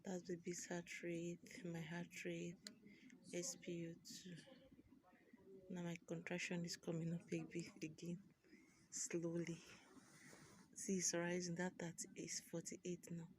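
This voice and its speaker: A young woman vlogging from a hospital ward while in labour. She talks softly and often half-whispers, pausing through the pain. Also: lowish voice, monotone, slight background noise. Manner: slow, soft-spoken, often half-whispered. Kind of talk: personal labour vlog.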